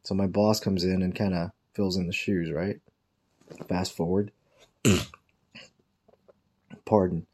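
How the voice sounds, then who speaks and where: A man's voice: deep voice, fairly even intonation, takes it slowly, pauses often, darkish tone. A man telling a rambling, profane workplace story in a casual way, quoting his coworkers in mocking voices. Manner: profane, rambling anecdote with quoted dialogue.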